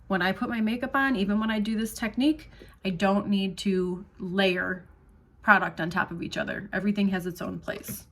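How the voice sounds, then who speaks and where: Woman, tutorial host; chatty, reassuring step-by-step makeup demo. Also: mid-range voice. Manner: chatty, reassuring, checks in with "okay?". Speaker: makeup demonstrator.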